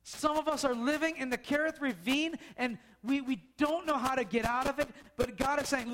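A man's voice: very high-pitched, moderate pace, few pauses, fairly bright tone. A man preaching a casual storytelling sermon, talking conversationally and asking the listeners questions.

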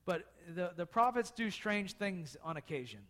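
A man's voice: high voice, very animated, moderate pace, a bit bright. A man preaching a casual storytelling sermon, talking conversationally and asking the listeners questions.

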